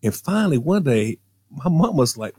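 Brief: lively radio storyteller man, mid pitch, swings a lot, dry close mic. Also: normal speed, breathy edge, dry recording. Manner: animated, acts out voices. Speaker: radio show regular. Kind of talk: casual storytelling.

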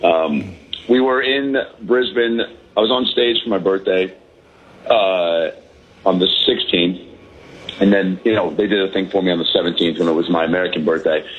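A man's voice: deep voice, moderate pace, husky. A man, a comedian calling in from a balcony, chatting in a rambling, self-deprecating way with lots of fillers over a phone line. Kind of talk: casual chat. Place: hotel balcony.

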